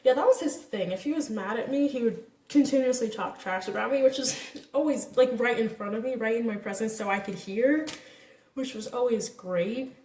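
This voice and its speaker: A woman's voice: a little high, normal speed, far from the mic. Young woman chatting storytime style, kinda echoey room, sitting back from the mic. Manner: candid, animated retelling with quoted voices and laughs. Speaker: vlogger. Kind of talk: casual storytime.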